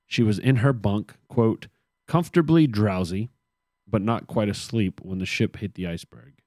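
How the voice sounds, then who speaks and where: A man's voice: lowish voice, moderate pace, darkish tone, no room sound, clean studio sound. A man co-hosting a casual podcast, reading history from his notes with joking, sarcastic asides. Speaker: podcast co-host.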